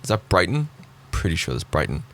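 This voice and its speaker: A man giving sarcastic, animated commentary as he reacts to clips on his channel. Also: low-pitched, a little fast, soft background music.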